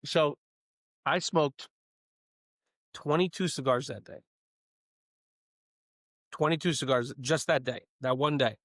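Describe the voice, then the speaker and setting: A man telling a story as a guest in casual chat, lively and playful, acting out the people in it. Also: fairly high pitch, slow, pauses often, no room sound, clean studio sound. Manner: animated, playful storyteller who acts out the other people in his stories.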